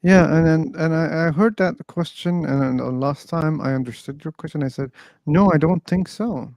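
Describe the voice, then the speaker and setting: A man's voice: on the high side, level tone, moderate pace, creaky, darkish tone, dry recording. A man hosting a casual online debate, patiently explaining his points and steering the talk back to the topic. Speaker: discussion host. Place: online voice chat room.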